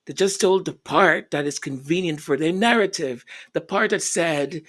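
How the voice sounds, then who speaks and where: A man's voice: fairly high pitch, moderate pace, few pauses, a bit bright. A man giving exasperated, mocking commentary as a vlogger, repeating his phrases for emphasis.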